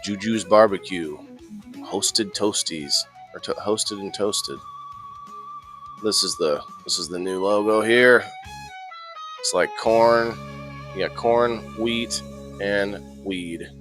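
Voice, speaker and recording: A man with a lowish, slightly bright voice hosts a relaxed indoor growing show, speaking slowly with frequent pauses. He rambles, restarts often and laughs, with soft music in the background.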